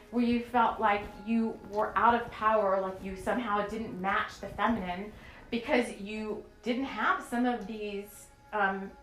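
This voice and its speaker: A woman hosting a spiritual podcast, talking in an earnest, rambling and emotional way with many fillers. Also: medium pitch. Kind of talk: channeled spiritual podcast talk. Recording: echoey room with soft music.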